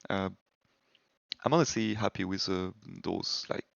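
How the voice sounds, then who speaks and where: Podcast host, male, low gravelly voice, dry and muffled call sound, hesitant repeats. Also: measured pace, no echo. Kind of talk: casual gaming discussion.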